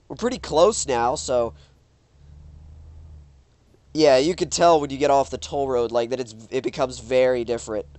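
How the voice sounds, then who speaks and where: A gaming YouTuber with a stuffed-up nose gives casual, rambling commentary while playing a driving game, often exclaiming at the road. His medium-pitched voice has a darkish tone, with no echo.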